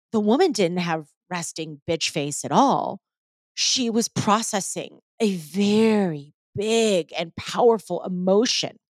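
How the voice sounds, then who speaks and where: A woman keynote speaker telling a personal story in a casual, animated way with some swearing. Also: lowish voice, no room sound, studio quality. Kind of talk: storytelling talk.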